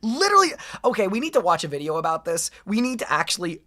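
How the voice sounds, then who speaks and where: A woman streamer reacting to videos, talking in a casual, excitable way and ranting in rising outbursts. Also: lowish voice, quick pace.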